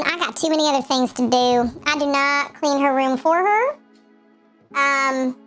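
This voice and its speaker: Woman just chatting on her live stream, lots of "like", swings high and low, faint game music behind. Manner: chatty, frequent "like" fillers, animated retelling. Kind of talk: casual live-stream chat while gaming.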